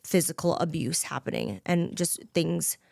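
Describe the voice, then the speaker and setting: A woman's voice: low voice, moderate pace, creaky, darkish tone, dry recording, studio quality. Earnest, heartfelt woman guest. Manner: earnest, heartfelt, frequent "you know" fillers. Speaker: podcast guest. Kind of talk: candid conversation.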